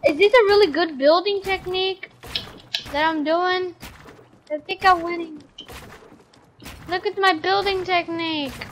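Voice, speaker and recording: A young gamer with a very high voice chats over voice chat, drawing out words at an unhurried pace. Goofy and excitable, breaking into yells and calling everyone bro. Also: slight background noise. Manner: excitable, goofy, bursts of yelling; says bro a lot. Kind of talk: casual gaming voice chat.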